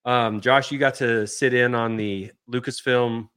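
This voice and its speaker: A man co-hosting a casual podcast, relaxed and appreciative, trailing off softly. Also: medium pitch, measured pace, clean tone. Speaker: podcast co-host. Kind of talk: casual chat.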